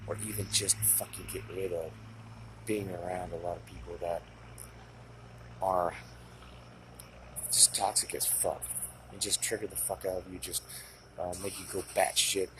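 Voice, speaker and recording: A man with a very low voice talks through self-help advice in a loose, unscripted way. He is blunt and swears constantly, doubling back on his own sentences. A steady wash of noise sits clearly behind him. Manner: blunt, swears a lot, rambling with restarts. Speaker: self-help video maker. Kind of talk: casual unscripted talk to camera.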